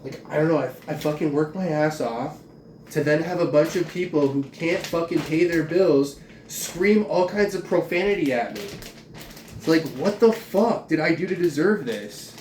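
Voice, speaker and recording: A man's voice: fairly high pitch, moderate pace, a little mellow, a little hiss or hum. Agitated, profane man ranting in a roomy space. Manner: profane, agitated, rambling with many "like" fillers. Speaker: vlogger. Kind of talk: ranting monologue. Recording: roomy, distant from mic, faint ambience.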